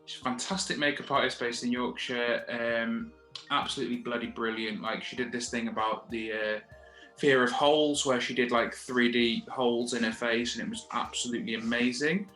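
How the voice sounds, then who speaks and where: A man with a bright, edgy voice co-hosts a casual podcast, blunt and dry. He swears without fuss. The sound is roomy with echo and has faint music behind. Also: mid-range voice, steady tone, normal speed. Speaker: podcast co-host. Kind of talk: casual chat. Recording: echoey room.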